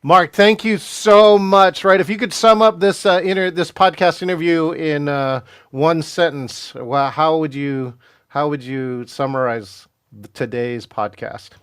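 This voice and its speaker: A man's voice: on the high side, unhurried, clear, resonant tone, no room sound. Upbeat man hosting a podcast, dry sound. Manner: energetic, upbeat, with frequent fillers and restarts. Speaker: podcast host. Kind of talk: animated podcast interview hosting.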